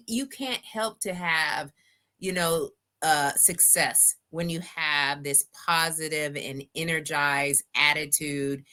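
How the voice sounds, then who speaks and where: A woman hosts a live talk show, speaking in an emphatic, chatty way. Her voice sits low for a woman and has a bright, forceful edge.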